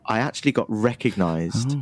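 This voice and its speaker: A man with a Birmingham accent co-hosting a podcast, telling stories in an animated, self-mocking way. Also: lowish voice, normal speed. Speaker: podcast co-host. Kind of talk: casual chat.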